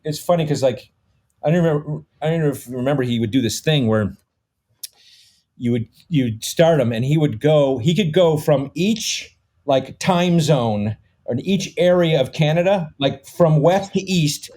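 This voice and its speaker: A middle-aged man guesting on a podcast speaks in a slightly high, darkish voice at normal speed. He swears casually and rambles through stories in casual conversation, using lots of fillers.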